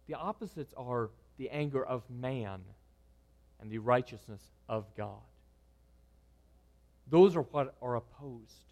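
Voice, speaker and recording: A man preaching a sermon, moving between loud, emphatic lines and hushed, quiet ones. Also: medium pitch, slow pace, long pauses. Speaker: pastor.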